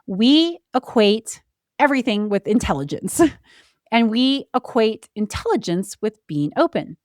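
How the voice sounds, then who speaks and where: A woman hosting a solo podcast, speaking candidly and reflectively. She slows down and pauses deliberately to stress her points. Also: mid-range voice, no room sound, clean studio sound. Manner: candid and emotional, with brief laughs. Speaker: podcast host.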